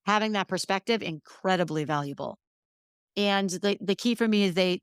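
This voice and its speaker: A woman's voice: mid-range voice, moderate pace, clean tone, no room sound, clean studio sound. A middle-aged woman hosting a solo podcast, talking earnestly and emphatically about careers. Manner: earnest and emphatic, emotional at times. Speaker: podcast host.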